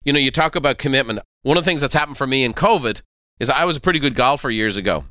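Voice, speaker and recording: Bright, crisp man hosting an interview. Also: medium pitch, very fast, no room sound, studio quality. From Ireland. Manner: animated anecdotes with laughs and acted-out quotes. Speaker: podcast host. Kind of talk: conversational interview storytelling.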